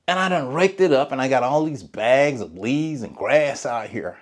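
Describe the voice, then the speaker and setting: A man's voice: medium pitch, normal speed, few pauses. A man, a lawn care business owner, telling a story in a casual, colloquial vlog. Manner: animated storyteller, Southern colloquial speech.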